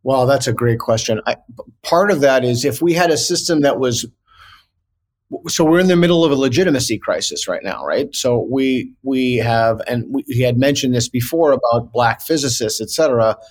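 Male guest, mid-pitched, earnest debater, stops and restarts mid-thought. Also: expressive. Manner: earnest and argumentative, with many halting restarts. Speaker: interview guest. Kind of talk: conversational video interview.

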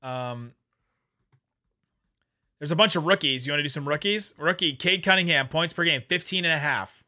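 Bright-voiced man in excitable sports chat. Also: a little high. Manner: excitable, quick to joke and laugh. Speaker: podcast co-host.

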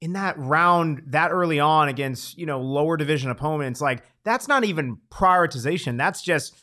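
A man's voice: on the high side, normal speed, bright, forceful tone. A man co-hosting a casual soccer podcast, chatting conversationally and steering topics along. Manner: conversational, with frequent fillers and agreement. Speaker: podcast co-host. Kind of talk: casual soccer preview chat.

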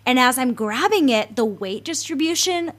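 A woman's voice: high-pitched, expressive, normal speed, fairly bright tone. A woman hosting a podcast, telling an anecdote in casual chat, emotional and full of fillers. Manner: emotional, storytelling, lots of fillers. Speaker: podcast host.

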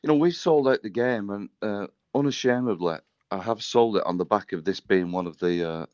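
A man's voice: fairly low pitch, brisk, darkish tone, no room sound, lo-fi sound. A man with a northern English Wigan accent, a rugby league club chief chatting easily and matily as a guest on the radio from his office. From northern England. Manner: easygoing, matey banter. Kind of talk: casual radio chat on a call.

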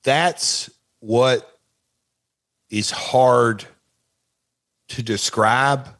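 An older man, a retired wrestler and guest, recalling backstage moments in a halting, rambling casual chat. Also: mid-range voice, steady tone, a bit bright.

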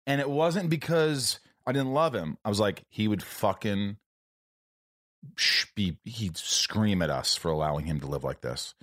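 A man's voice: on the low side, animated, unhurried, a bit bright, no room sound, clean studio sound. A man hosting an interview, talking candidly and emotionally with casual swearing. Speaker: podcast host.

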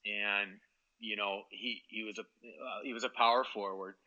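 A man's voice: on the low side, fairly even intonation, normal speed, sharp tone, dull audio. Man telling rambling hockey stories. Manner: rambling anecdotes, quoting others. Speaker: guest, former hockey player. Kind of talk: storytelling in a podcast interview.

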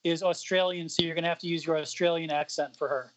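A man co-hosting a podcast in a relaxed, unhurried way. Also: a little high, dull audio, a little hiss or hum. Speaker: podcast co-host. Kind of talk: casual chat.

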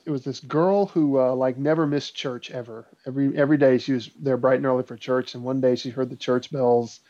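A man casually telling a spooky story in a relaxed, rambling way with lots of fillers. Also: medium pitch. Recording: dull lo-fi sound.

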